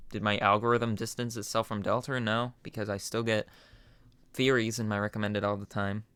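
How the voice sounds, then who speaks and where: Chatty young man, bright clear voice. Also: on the low side, no room sound. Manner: rambling, self-interrupting, chatty. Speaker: channel host reacting to game news. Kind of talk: casual reaction commentary.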